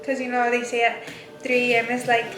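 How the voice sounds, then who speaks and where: Young female co-host, high voice, halting casual storyteller, echoey noisy room. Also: monotone. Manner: halting, many fillers and restarts. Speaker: vlog co-host. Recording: echoey room with clear background noise.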